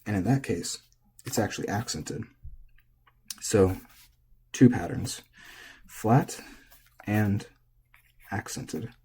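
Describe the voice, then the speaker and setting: A man teaching pitch in a relaxed, casual lesson, thinking aloud as he goes. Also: slow pace, long pauses, slightly rough. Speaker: language teacher.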